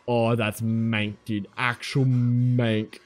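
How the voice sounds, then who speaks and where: A man commentating a horror game, jumpy and heavy on swearing, shouting back at the enemies on screen and pleading with his teammate. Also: medium pitch, level tone, very slow, faint music behind. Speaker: gaming commentator.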